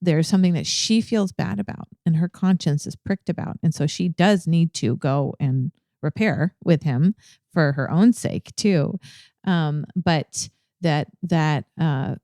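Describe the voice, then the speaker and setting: A woman co-hosting a ministry podcast, talking through a Bible passage in a casual, thoughtful way and pausing often to search for words. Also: low-pitched, warm tone, no room sound, studio quality. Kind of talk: casual Bible study discussion.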